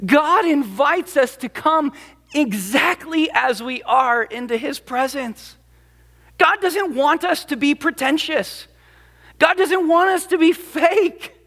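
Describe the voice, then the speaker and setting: A pastor preaches with dramatic emphasis and slips into the voices of the people he quotes. His voice sits very high for a man. The sound carries the long reverb of a large church hall. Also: lively intonation, slow, fairly bright tone. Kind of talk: sermon. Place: church sanctuary.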